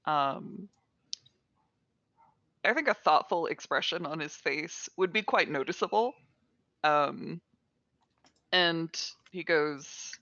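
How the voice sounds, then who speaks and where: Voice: medium pitch, slow pace, long pauses, pushed and bright, no echo, dull audio. A player in a tabletop game, thinking aloud hesitantly about what to do. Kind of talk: casual tabletop play.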